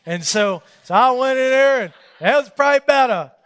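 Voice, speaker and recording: A man with a high voice preaches in a relaxed storytelling style. He pokes fun at himself and livens up as he acts out the scenes, keeping it casual and folksy. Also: fairly quick, smooth. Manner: folksy, self-mocking, animated when retelling scenes. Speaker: preacher leading a Bible study. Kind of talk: storytelling sermon.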